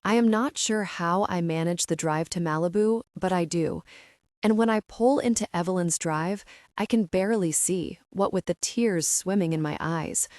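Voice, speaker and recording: A woman reads a first-person romance audiobook in an intimate, emotional way. Her voice sits on the low side and the sound is dry and close, with no room echo. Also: moderate pace, darkish tone. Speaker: audiobook narrator.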